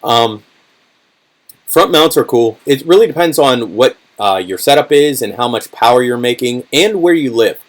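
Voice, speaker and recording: Hoarse man chatting on a livestream. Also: mid-range voice, expressive, normal speed. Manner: chatty, many fillers, car-enthusiast talk. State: hoarse, voice worn out. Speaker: channel host answering live chat. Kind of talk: casual livestream chat.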